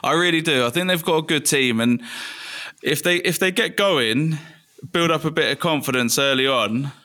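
A man, a guest on a podcast, talking in a relaxed, chatty way with frequent restarts. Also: a little high, moderate pace. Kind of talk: casual interview chat.

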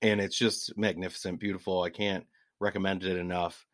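A man in his forties, a podcast guest telling travel stories in an animated, laughing way. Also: deep voice, a little fast, no room sound. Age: 40s. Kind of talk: casual storytelling.

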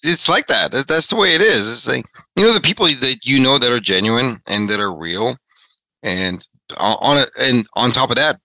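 A man's voice: medium pitch, animated, moderate pace, sharp tone, no echo, dull audio. A man in casual conversation who speaks emphatically and repeats his points. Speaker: guest content creator. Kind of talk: casual chat.

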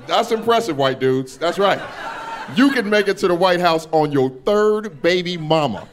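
A man performing a stand-up comedy set on a club stage, animated and acting out characters. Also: sits high, normal speed, some chatter behind, a little hiss or hum.

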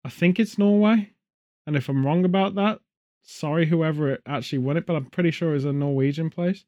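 A man hosts a loose podcast chat, rambling between stories and dropping jokey asides and puns. His voice sits a little higher than most men's. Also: a little fast, a little mellow. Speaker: podcast host. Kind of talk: casual chat.

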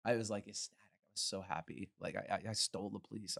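A man's voice: lowish voice, fast talker, creaky, no room sound, studio quality. A man telling a story in casual conversation, swearing freely and acting out what people said. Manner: animated, swears freely, acts out quotes. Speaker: art collector telling a story.

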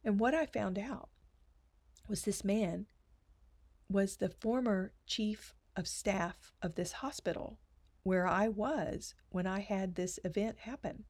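Woman telling her faith story, earnest and emotional, drops to a hush sometimes. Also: mid-range voice, slow. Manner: earnest, tearful storytelling with hushed asides. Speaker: speaker sharing testimony. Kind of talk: personal faith testimony.

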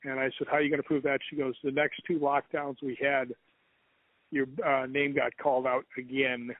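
A man, a guest who hunts ghosts, tells a rambling, animated story and acts out the other people's lines. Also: mid-range voice, normal speed, dry recording. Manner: rambling, animated retelling with quoted dialogue. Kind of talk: casual storytelling interview. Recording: tinny phone line, dry.

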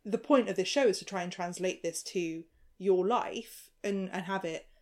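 A woman's voice: fairly low pitch, normal speed, a little mellow. A woman hosting a casual podcast chat, talking things through with many restarts. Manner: chatty, thinks aloud with many restarts. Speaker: podcast host.

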